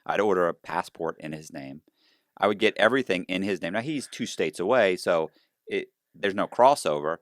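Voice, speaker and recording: A man's voice: deep voice, normal speed, fairly bright tone, no room sound, clean studio sound. A man telling his own story in a casual interview. He restarts often and acts out the dialogue.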